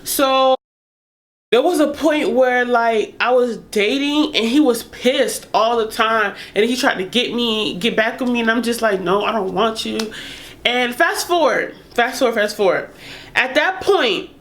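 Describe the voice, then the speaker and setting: A young woman vlogger telling a casual story in an animated, profane way, laughing as she goes. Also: fairly high pitch, measured pace.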